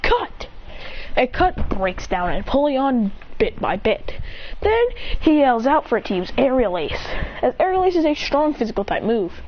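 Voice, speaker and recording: A woman's voice: fairly high pitch, very animated, moderate pace. A woman eagerly retelling a battle story in rambling casual narration, chaining events together. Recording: dull, lo-fi home recording with faint noise.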